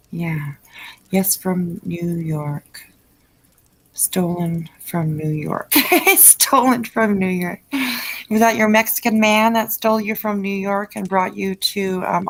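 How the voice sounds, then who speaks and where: A woman's voice: mid-range voice, gravelly, low-quality recording. A woman hosting a late-night livestream, chatting effusively with her viewers and reading their messages with plenty of fillers. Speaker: livestream host reading chat.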